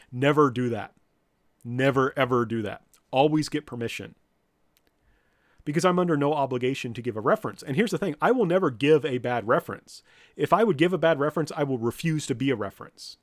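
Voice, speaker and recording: A male professor with a slightly high voice, captured as clean studio sound with no room ambience. He lectures students bluntly and directly, occasionally acting out what people say in lively mock quotes.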